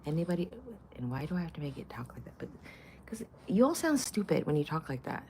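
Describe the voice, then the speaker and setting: A woman's voice: deep voice, sing-song, fast, warm tone, a little hiss or hum. A middle-aged woman vlogging in casual chat, blunt, profane and opinionated.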